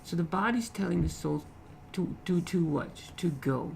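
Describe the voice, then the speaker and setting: Male lit teacher, gravelly fry voice, halting, repeats phrases, faint background hiss. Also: a little high, a little mellow, rough recording. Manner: repeats phrases, frequent "okay?" checks, halting restarts. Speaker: literature teacher. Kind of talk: explaining a poem in a lecture.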